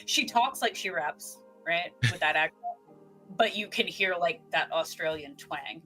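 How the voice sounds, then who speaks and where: A woman's voice: on the low side, lively intonation, bright, forceful tone, soft background music, low-quality recording. Chatty woman with a light Southern twang. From Southern United States. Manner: chatty storyteller, quick to laugh. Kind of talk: casual chat.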